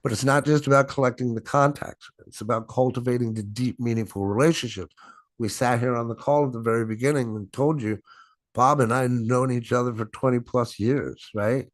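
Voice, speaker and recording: This is a middle-aged man leading a sales training session over a video call. He speaks at a middle pitch and stresses and draws out words for effect. His voice sounds dry and close, with no room echo. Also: fairly even intonation, fairly quick. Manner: emphatic, stretches and stresses words; frequent "right?" tag questions. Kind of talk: business training presentation.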